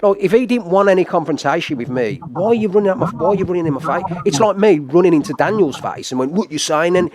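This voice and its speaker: A man arguing on a livestream, words tumbling out quickly with restarts and repeats. His voice sits a little high for a man, and he rushes through his account. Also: lively intonation, a crowd in the background. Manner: rapid, repeats and stumbles while retelling. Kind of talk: heated casual argument.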